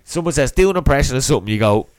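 A man's voice: medium pitch, animated, very fast, dry recording. A young man co-hosting a podcast, talking loosely and rambling, with the odd swear word. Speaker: podcast co-host. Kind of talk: casual chat.

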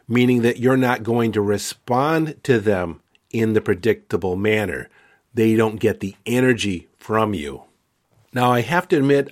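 A man hosting a podcast, giving calm, earnest advice in a measured way. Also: medium pitch. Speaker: podcast host. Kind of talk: advice talk.

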